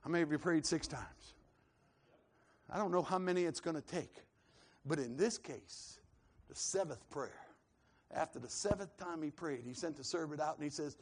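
A man preaches a live sermon, building to fervent shouting and calling for responses from the congregation. His voice is a little high and fairly quick, with a scratchy throat.

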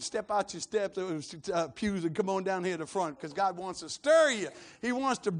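A man's voice: high-pitched, expressive, normal speed, few pauses. A man preaching a live sermon, calling for responses from the congregation, with a scratchy throat. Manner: builds to fervent shouting, calls for responses.

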